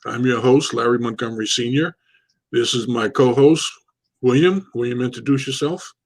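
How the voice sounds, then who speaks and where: Man, talk show host, gravelly voice, relaxed rambling delivery, casual chat. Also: medium pitch, normal speed. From United States. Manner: relaxed, rambling, with fillers and repeats.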